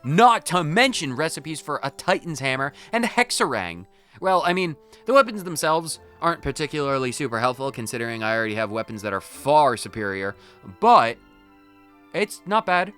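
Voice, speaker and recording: Bright, lively man playing a game. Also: fairly high pitch, normal speed, faint music behind. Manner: excitable, rambling, playful. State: hopped up on caffeine. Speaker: let's play host. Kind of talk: gameplay commentary.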